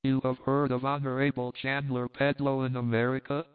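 A man's voice: medium pitch, little pitch movement, moderate pace, clear, resonant tone, close to an everyday voice. A man reading aloud, voicing a flirtatious foreign countess who speaks broken English with a foreign lilt, heard through a tinny phone-like sound. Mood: coaxing.

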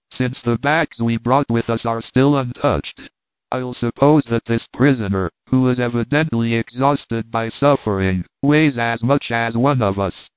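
A man reading a calm, measured expedition doctor. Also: medium pitch, clear, resonant tone, no room sound, natural voice. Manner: measured, reasoning, deliberate. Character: calm, authoritative male doctor leading an expedition. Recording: tinny phone-like dry sound.

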